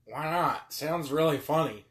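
A man's voice: fairly high pitch, measured pace, a bit bright. Crude, teasing young man co-hosting a podcast. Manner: crude, teasing, swears freely. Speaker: podcast co-host. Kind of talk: casual banter.

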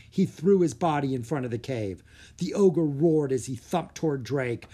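A narrator reading a children's audiobook with expressive storytelling. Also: mid-range voice, normal speed, husky.

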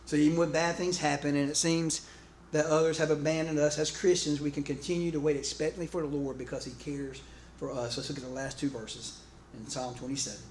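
A man preaching a sermon in an animated, conversational way, often restarting phrases and calling out to his congregation. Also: fairly high pitch, fairly quick, hardly any pauses. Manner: calls out to the congregation. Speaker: pastor. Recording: echoey room with faint background noise.

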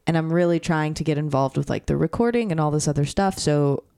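Young woman podcast co-host, gravelly voice, rambling chat, dry close sound. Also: low voice, quick pace, mellow, no room sound. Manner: rambling, fills with "like". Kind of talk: casual chat.

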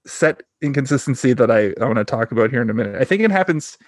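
A man's voice: medium pitch, animated, fast talker, a little mellow, no echo, clean studio sound. A young man co-hosting a podcast, chatting casually about a TV episode, swearing freely and acting out characters' lines. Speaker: podcast co-host. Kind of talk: casual chat recapping a TV episode.

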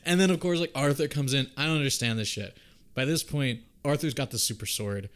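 A man tells a movie's plot in loose, profane podcast chat. His voice sits at an ordinary middle pitch, and he drops into quick impressions of the characters as he goes. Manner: profane, animated storytelling, acts out characters' lines. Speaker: podcast co-host. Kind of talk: casual movie recap chat.

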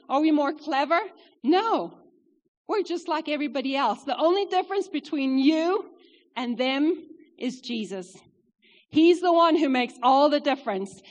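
Woman preacher, high voice, earnest sermon delivery with big swings between loud and soft, long church-hall reverb. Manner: earnest, rises for emphasis then drops soft.

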